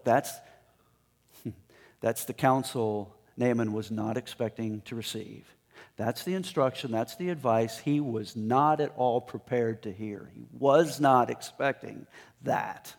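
Man, middle-pitched preacher, chatty and animated telling, long church-hall reverb. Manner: conversational, acts out the characters with bursts of pitch and volume. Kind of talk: sermon on a Bible passage.

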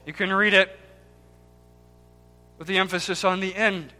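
A man preaching a sermon with impassioned swings between loud cries and hushed, near-whispered words, repeating key words for emphasis. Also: sits high, steady tone, measured pace, pauses often. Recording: long hall reverb with faint music.

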